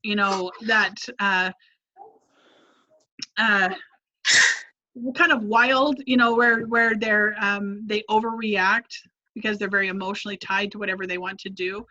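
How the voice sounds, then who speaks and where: A woman's voice: medium pitch, steady tone, a little slow, pauses often, sharp tone, muffled recording. A woman who teaches a parenting class, answering a question casually with many restarts and examples of what to say to a child. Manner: conversational, many restarts, models phrases to say to kids. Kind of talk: advice in a live Q&A.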